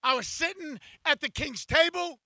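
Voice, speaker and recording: A man preaching a sermon in church, speaking scripture aloud in the first person and rising to impassioned shouts. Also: very high voice, moderate pace, gravelly, no room sound, rough recording. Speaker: pastor.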